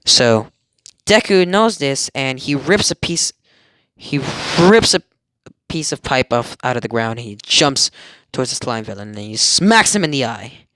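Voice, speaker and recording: A man's voice: medium pitch, no echo, clean studio sound. A young man casually retelling an anime plot as a fan, rambling and often correcting himself. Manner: rambling, self-correcting, excitable. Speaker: fan storyteller.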